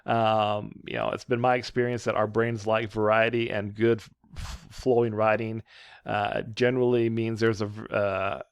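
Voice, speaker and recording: A man's voice: lowish voice, flat delivery, moderate pace, smooth, no room sound. A man who teaches writing, giving a casual, rambling lecture full of fillers and restarts. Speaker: writing professor. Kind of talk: lecture with slides.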